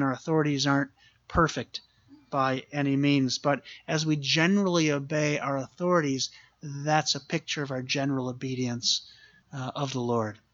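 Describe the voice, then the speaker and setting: A man preaching a sermon, earnest and steady, repeating key phrases for emphasis. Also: mid-range voice, muffled recording. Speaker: pastor.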